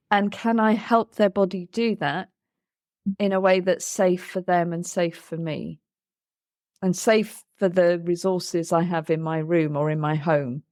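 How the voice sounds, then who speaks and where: A woman's voice: fairly low pitch, a little mellow, no echo, studio quality. Earnest woman explaining therapy. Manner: earnest, explains with acted examples of what she says to children. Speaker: play therapist, podcast co-host. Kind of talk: reflective podcast conversation.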